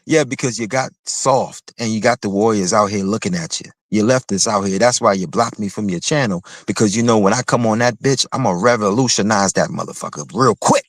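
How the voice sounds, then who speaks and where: A man with a low-pitched voice delivers a heated commentary rant on his own livestream. He speaks in a confrontational, mocking way, repeating his phrases. The sound is dry and close, with no room around it. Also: a little fast, few pauses, dry recording. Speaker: livestream host.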